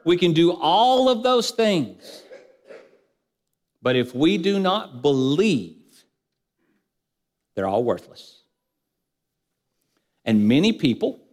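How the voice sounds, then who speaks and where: A man preaching a sermon in a church, building repeated lists and rhetorical questions and letting his voice sink low at the ends of phrases. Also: long reverb tail. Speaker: pastor.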